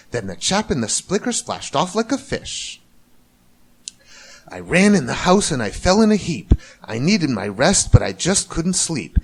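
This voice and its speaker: A man reading a rhyming children's book aloud in a lively, sing-song storytelling manner. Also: on the high side, moderate pace, husky. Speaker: reader.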